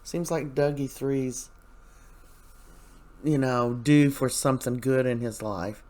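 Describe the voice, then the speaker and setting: A man's voice: medium pitch, steady tone, slow pace, a little mellow. A man casually recapping a soap opera episode, chatty and rambling, with many fillers and lines quoted from the characters.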